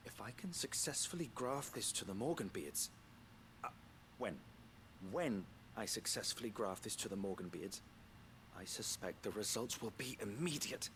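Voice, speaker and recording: Estudioso pomposo de plantas. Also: male voice, fairly low pitch, animated, moderate pace, fairly bright tone, a little hiss or hum. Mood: formal. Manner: florid, formal and pompous. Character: fussy male scholar of plants, formal and grand. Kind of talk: video game voice acting.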